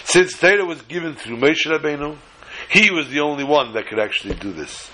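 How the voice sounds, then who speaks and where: A man's voice: fairly high pitch, lively intonation, brisk, sharp tone, a little hiss or hum, poor audio. A man giving an earnest Torah lecture, mixing in Hebrew and Yiddish terms and telling a story.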